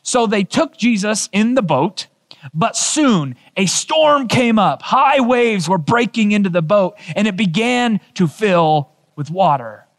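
A male pastor preaching a sermon, telling a story with emphatic, animated delivery. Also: sits high, slow pace.

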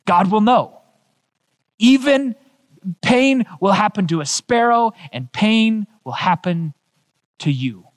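A male pastor preaching a sermon, telling a story with emphatic, animated delivery. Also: high-pitched, slow, pauses often.

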